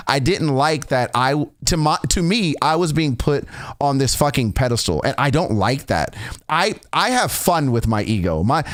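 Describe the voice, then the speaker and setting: A man's voice: a little high, fairly bright tone, no room sound, studio quality. A young man hosting a reaction video, telling a personal story in a candid, casual way, swearing often and restarting sentences.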